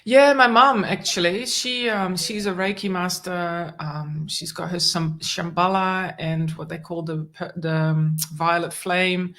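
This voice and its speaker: With a lowish voice, unhurried yet barely pausing, an animal communicator guests on a conversational interview. Her personal story is lively, with quoted lines acted out and warm laughter throughout.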